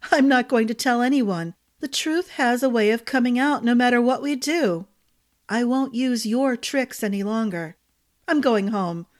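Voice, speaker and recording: Audiobook: woman reader as a calm young princess, light and breathless. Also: fairly high pitch, a little slow, lightly acted.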